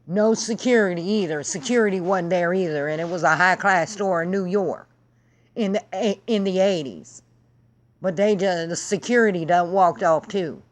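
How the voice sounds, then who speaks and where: A woman's voice: lowish voice, normal speed. A woman vlogging to camera in a heated, sarcastic and profane rant. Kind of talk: angry vlog rant.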